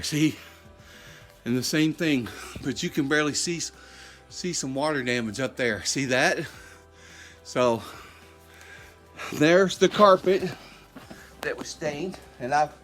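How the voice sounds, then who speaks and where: A man's voice: medium pitch, fairly bright tone. A man walking through his home while filming, talking in a rambling, conversational way and repeating himself. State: short of breath at times. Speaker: homeowner vlogger. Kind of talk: casual walkthrough video. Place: inside his house and outside in the yard.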